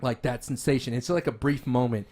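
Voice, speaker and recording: A man's voice: mid-range voice, steady tone, a little fast, a little mellow. A man co-hosting a podcast, chatting casually and enthusiastically, rambling with lots of restarts and fillers. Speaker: podcast co-host. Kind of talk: casual chat about games and movies.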